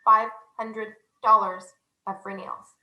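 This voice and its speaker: A young woman giving a casual, animated sales training talk, chatty and self-deprecating. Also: mid-range voice, slow pace, roomy sound, highs cut off.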